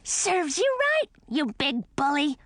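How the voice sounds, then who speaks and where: A chorus of squeaky talking skulls squabbles from a heap of bones in a storybook. A woman reader puts them on with a very high, lively, swooping pitch. It is recorded dry and close. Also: slow, no room sound, exaggerated voice. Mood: taunting. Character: squeaky bickering talking skulls in a bone pile.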